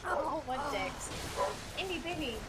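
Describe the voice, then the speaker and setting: A woman streams a game live from home, her high voice leaping all over as she yelps and cheers at each moment. She talks in quick, excitable bursts. The stream is noisy, with dogs about the house. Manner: excitable, frequent alarmed exclamations. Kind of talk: live gameplay commentary.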